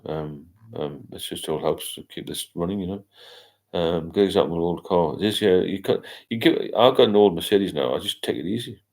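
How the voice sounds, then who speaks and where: A man's voice: deep voice, normal speed, a little mellow. An older man, hosting a casual late-night livestream and rambling as he reads out viewer comments. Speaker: livestream host.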